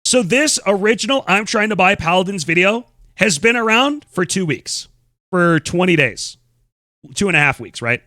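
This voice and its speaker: Male streamer, lively bright tone, dry close sound, blunt and disbelieving. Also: high-pitched, moderate pace, no room sound. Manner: blunt, incredulous, swears freely. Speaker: streamer host. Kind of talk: casual stream commentary.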